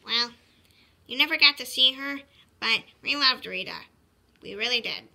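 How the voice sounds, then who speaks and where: A woman puts on a chatty plush toy that talks in a wishful, pleading way. The voice is pitched a touch high, with gravel and a bright, tense edge. A loud hiss of noise sits under the recording. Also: moderate pace, heavily acted. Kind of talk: casual plush toy video chat.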